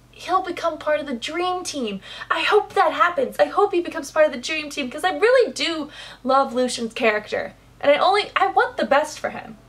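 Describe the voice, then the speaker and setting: Bubbly high-voiced woman gushing over a book. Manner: gushing, excitable, says "like" a lot. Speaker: book reviewer. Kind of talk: casual book review vlog.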